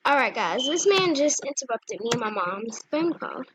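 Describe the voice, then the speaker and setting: A young female gaming vlogger chatting casually and giggly over her gameplay, with squealing excited asides. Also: fairly high pitch, normal speed, slight background noise, poor audio. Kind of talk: casual game commentary.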